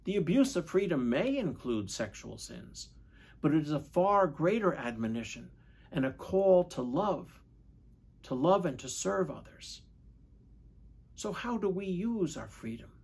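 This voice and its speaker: A man, a priest, giving a measured, reflective Sunday homily and asking questions of his listeners. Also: fairly high pitch, very animated, gravelly, breathy edge. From United States.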